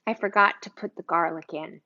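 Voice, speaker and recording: A woman's voice: fairly low pitch, steady tone, a little fast, pushed and bright. Woman, cooking show host, home kitchen, chatty, exclamatory, dull livestream sound. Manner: chatty, exclamatory, talks to viewers by name. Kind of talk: live-streamed cooking chat.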